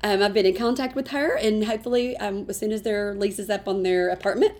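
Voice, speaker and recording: Fast-talking East Tennessee woman. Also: mid-range voice, fairly even intonation, a little mellow. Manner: fast-talking, chatty, laughs often. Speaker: realtor and co-host. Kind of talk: casual chat.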